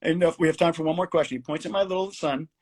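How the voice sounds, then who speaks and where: Man, middle-aged, husky, fairly high voice, animated storyteller, video call. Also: fast talker. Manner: animated storyteller, acting out quotes, laughing. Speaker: guest, comedy writer. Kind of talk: casual storytelling.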